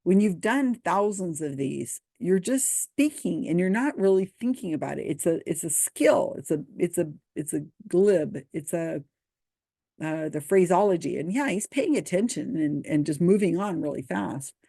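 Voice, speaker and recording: A woman's voice: fairly low pitch, lively intonation, normal speed, creaky, warm tone, no room sound. A woman casually commenting on video comments, reading them aloud and answering in a dry, skeptical way.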